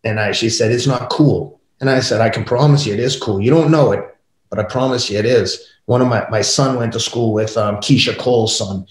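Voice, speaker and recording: A middle-aged man guests on a podcast, swapping family stories in a relaxed interview and animatedly voicing his kids and wife. His voice sits at medium pitch and moves fairly quickly. The room has a noticeable echo.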